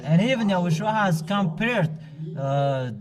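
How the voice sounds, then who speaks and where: A man preaching a sermon and scolding his listeners directly, in a halting way with frequent pauses and restarts. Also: high-pitched, expressive, a crowd in the background. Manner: admonishing the congregation directly.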